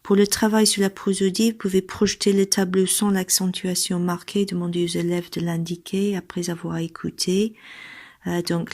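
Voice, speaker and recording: A woman explains how to run a class activity. Her voice sits slightly low, and she reads English model answers aloud between her instructions. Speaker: teacher trainer. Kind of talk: recorded lesson guidance.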